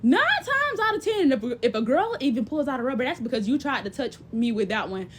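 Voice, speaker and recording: Young woman w a high voice, blunt cussing big-sister talk, animated, does little impressions. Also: brisk, slight background noise. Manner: blunt, profane, sisterly advice-giving; animated, mimics others' voices. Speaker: livestream host. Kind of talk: casual chat.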